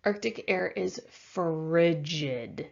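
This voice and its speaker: A woman teacher talks through a science lecture at a slow, easy pace, with a gravelly, creaky edge to her lowish voice. She explains casually, with plenty of fillers, and sounds a little tired. The recording is slightly dull and lo-fi. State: yawning, tired.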